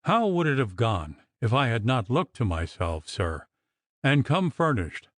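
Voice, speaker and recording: A man voicing a grim, menacing male church clerk in an audiobook, with a hoarse, level voice and quiet threat. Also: mid-range voice, sing-song, measured pace, no room sound, studio quality. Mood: wary. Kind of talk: audiobook character reading.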